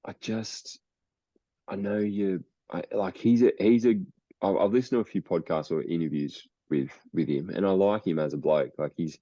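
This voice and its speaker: Young aussie bloke rambling on a podcast, low mellow voice, laughs a lot, kinda muffled dry sound. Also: male voice, normal speed, no room sound. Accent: Australian. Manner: laid-back, rambling, laughs often. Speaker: podcast co-host. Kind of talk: casual chat.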